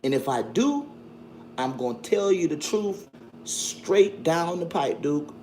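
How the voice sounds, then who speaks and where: A man's voice: fairly high pitch, lively intonation, slow pace, a little hiss or hum. Profane man ranting on stream. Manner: loud, profane, mocking, with frequent laughs. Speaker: livestream host. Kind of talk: combative livestream commentary.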